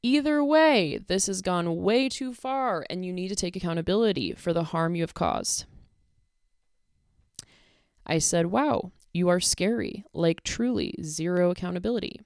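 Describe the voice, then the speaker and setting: A woman's voice: fairly low pitch, moderate pace, vocal fry, darkish tone, dry recording, clean studio sound. A young woman giving casual commentary, reading out messages in an exasperated, sarcastic way. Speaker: commentary creator.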